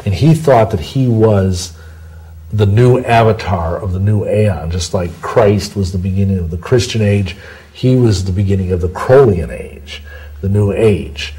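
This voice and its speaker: A man with a very low, husky voice and a mellow, dark tone, answering questions in a long interview. He talks in a rambling, digressive way. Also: a little slow, low-quality recording. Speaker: interview guest. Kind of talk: long-form interview, storytelling.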